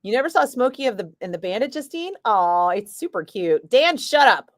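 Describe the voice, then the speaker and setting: A woman's voice: medium pitch, sing-song, a little fast, no room sound, clean studio sound. A middle-aged woman, a radio DJ, chatting casually and bluntly with her stream viewers and answering their comments. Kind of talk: casual livestream chat.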